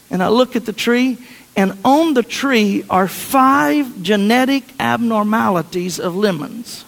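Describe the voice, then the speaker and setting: High-voiced man preaching in an echoing hall. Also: moderate pace, fairly bright tone. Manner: chatty, anecdotal, frequent restarts. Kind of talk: sermon storytelling.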